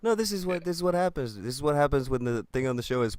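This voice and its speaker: A man's voice: mid-range voice, animated, quick pace, a little mellow, no echo. A man who is sick, hosting a casual live stream chat, joking and laughing often.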